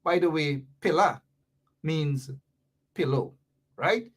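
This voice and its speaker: A woman's voice: sits low, lively intonation, slow, pauses often, slightly rough. A woman with a Guyanese accent, talking to viewers in a livestream about politics and playfully teaching local Creole phrases. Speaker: political commentator.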